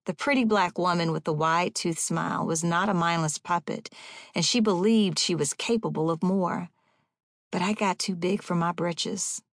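A woman in her forties narrates her memoir for an audiobook, with a measured, deliberate delivery. Her voice sits low, and it is caught dry and close on a studio mic with no room sound. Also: no room sound. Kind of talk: first-person memoir narration.

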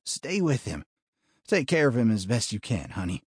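A grim frontier marshal, voiced by a man. He speaks in short commanding bursts with a slightly husky edge. The tone stays steady and flat-footed. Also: mid-range voice, moderate pace, dry recording, clean studio sound.

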